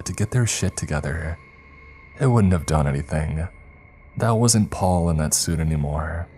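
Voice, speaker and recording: A man reading the first-person account of a grieving older woman, a former space communications chief, in slow, somber scripted horror narration. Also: deep voice, warm tone, slight background noise. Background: faint music.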